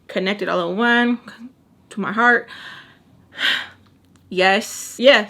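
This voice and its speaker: A young storytime vlogger tells a casual story in a mid-range, pushed, bright voice. She's chatty and sassy, acting out what people said.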